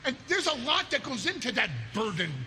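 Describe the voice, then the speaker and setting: Bright, stammering male wrestling manager. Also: very high voice, very animated, brisk, a little hiss or hum. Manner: stammering, pleading. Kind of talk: persuasive backstage speech.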